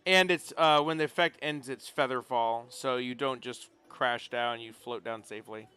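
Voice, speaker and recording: Bright, crisp game master man. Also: medium pitch, moderate pace, faint music behind. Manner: chatty, looks up rules aloud with restarts. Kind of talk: narrating a tabletop game.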